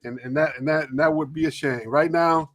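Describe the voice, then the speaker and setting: A man hosts a loose, live sports talk show. His voice sits a little high. He rambles, restarts and fills pauses with uh. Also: fairly even intonation, a bit bright.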